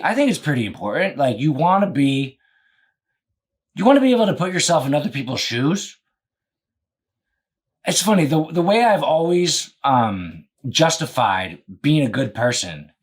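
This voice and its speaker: Husky-voiced young man joking on a podcast. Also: on the high side. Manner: rambling, joking, swears freely. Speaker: podcast host and business owner. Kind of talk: casual podcast chat.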